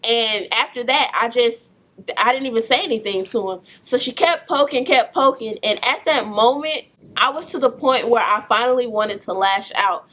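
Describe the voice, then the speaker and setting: A young woman recounting a painful family story in a personal vlog, speaking softly and in a subdued way. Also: on the high side, moderate pace.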